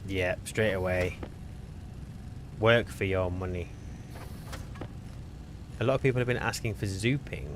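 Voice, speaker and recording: Low-voiced man chatting while gaming. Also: a little slow, long pauses, noisy background. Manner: chatty, self-correcting, teasing. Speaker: streamer. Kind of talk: casual gameplay chat.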